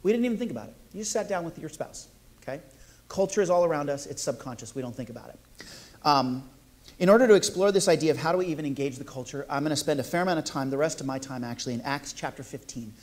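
A male pastor delivers a sermon in a fairly high voice. He is playful and jokey, and he keeps asking the congregation questions. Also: lively intonation, quick pace.

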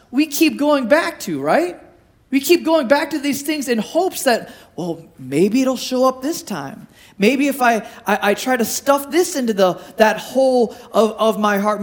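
A man preaching a sermon, animated and storytelling, acting out quoted voices, with frequent restarts and repetitions. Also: very high-pitched. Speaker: pastor.

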